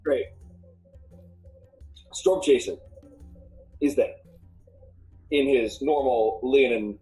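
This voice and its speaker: A game master narrating a tabletop game, pausing often with ums and restarts. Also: medium pitch, warm tone, soft background music, low-quality recording.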